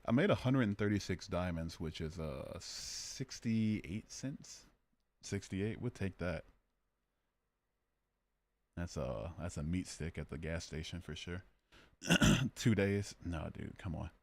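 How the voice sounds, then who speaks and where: A man's voice: low-pitched, unhurried, creaky, long pauses. A man hosting a casual livestream, arguing about morality and joking as he reads out his chat. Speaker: livestream host.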